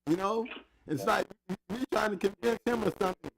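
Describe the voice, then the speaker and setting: Excitable man hosting, gravelly voice. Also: high voice, brisk, a little hiss or hum. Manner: excitable, loud, repeats words. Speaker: talk show host. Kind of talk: casual interview talk. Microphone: handheld mic held close.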